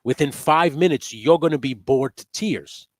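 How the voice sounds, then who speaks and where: A man's voice: on the high side, normal speed, dry recording. A man in casual chat as a guest, laid-back and profane, laughing often. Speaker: podcast guest.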